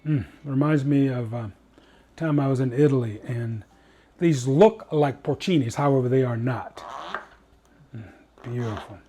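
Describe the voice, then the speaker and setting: A man's voice: medium pitch, measured pace, long pauses, warm tone, a little hiss or hum. A man hosting a cooking show, chatting in an upbeat way with rambling asides as he cooks. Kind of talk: casual cooking demonstration.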